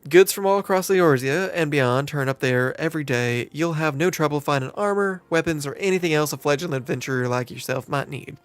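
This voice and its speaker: A man's voice: on the high side, brisk, hardly any pauses, no echo, lightly acted. A man voicing a shrewd, teasing middle-aged woman innkeeper with a put-on Southern drawl, reading game dialogue and tripping over words. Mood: folksy. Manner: homey turns of phrase, stumbles over words while reading.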